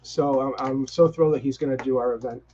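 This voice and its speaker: A fast-talking Boston-accented co-host chats casually on a live stream, his mid-range voice steady and dark in tone. Eager and rambling, he restarts sentences frequently. Slight background noise accompanies the dull, lo-fi video-call audio.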